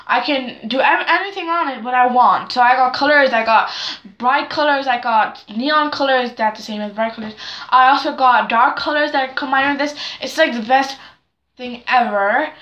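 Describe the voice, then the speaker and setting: Excitable high-voiced teen girl vlogger. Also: roomy sound, highs cut off. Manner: excitable, rambling, self-deprecating. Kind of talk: casual chat to camera.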